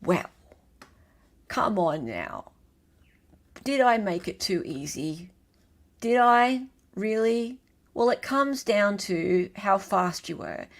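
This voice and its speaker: High-voiced Australian woman hosting a quiz. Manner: playful and chatty, reading out multiple-choice answers. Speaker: live-stream host. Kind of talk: casual live-stream trivia quiz.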